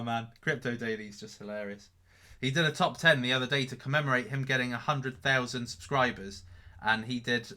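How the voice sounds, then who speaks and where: A man's voice: medium pitch, sharp tone. A man hosting a casual live stream, reading out chat questions. He rambles, repeats his own phrases and swears offhand. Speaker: crypto livestream host.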